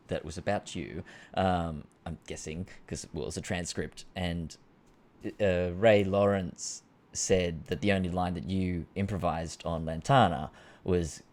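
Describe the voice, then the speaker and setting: A young man hosts a casual interview from home over a video call. His voice is very low for a man. He rambles and hesitates as he works his way toward each question. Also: a little mellow. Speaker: host.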